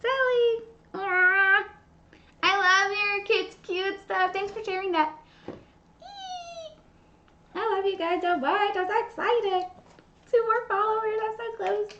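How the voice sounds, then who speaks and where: A woman hosting a baking livestream, chatting casually and gushing with excitement. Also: very high-pitched, slow pace, pauses often. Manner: bubbly, gushing, squealing with excitement. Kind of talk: casual live-stream chat while baking. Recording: dull lo-fi stream audio.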